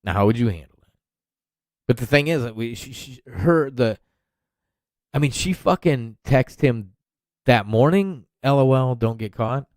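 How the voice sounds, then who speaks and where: A man's voice: medium pitch, expressive, a little slow, pauses often, darkish tone, dry recording. A man in his thirties hosting a podcast, ranting in a profane, rambling, heated way. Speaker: podcast host. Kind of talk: solo rant podcast.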